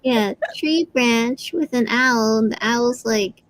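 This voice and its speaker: Woman crafter, slow and giggly, a bit high-pitched. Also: low-quality recording. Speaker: crafter selling her items. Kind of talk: casual live sale chat.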